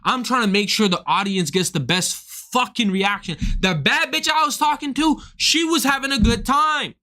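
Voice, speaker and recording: A man's voice: very high-pitched, normal speed, sharp tone. A young man, a comedian, in a casual, profane, heated rant to his stream viewers. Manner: profane, heated, swings into act-outs. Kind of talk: casual ranting monologue.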